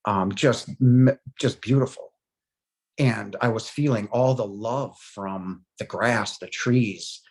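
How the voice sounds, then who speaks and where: The story of a near-death experience comes from a middle-aged man whose voice is fairly low and somewhat dark in tone. He speaks haltingly and emotionally, with plenty of pauses and fillers.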